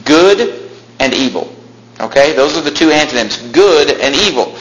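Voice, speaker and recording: A man preaching a fiery sermon, swinging between loud raised lines and quiet low ones. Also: expressive, normal speed, echoey room, a little hiss or hum, poor audio.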